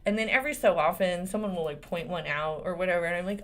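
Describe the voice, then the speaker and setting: A woman's voice: lowish voice, quick pace, fairly bright tone. A woman in her forties, a lawyer and channel host, talking casually to camera and shifting between serious points and laughter. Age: 40s.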